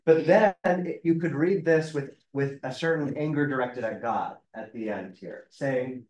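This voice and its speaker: A man's voice: mid-range voice, unhurried, a little mellow. A man leads a study class as a rabbi, walking through a passage in a thoughtful, explanatory way and reading lines aloud. He sits away from the microphone, so the room's echo colors every word. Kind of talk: conversational text study. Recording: roomy, distant mic.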